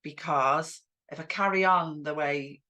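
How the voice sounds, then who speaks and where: A woman's voice: low-pitched, a little slow, sharp tone. A woman in her forties co-hosting a podcast, candid and self-deprecating, sounding tired. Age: 40s. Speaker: podcast co-host. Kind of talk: conversational discussion.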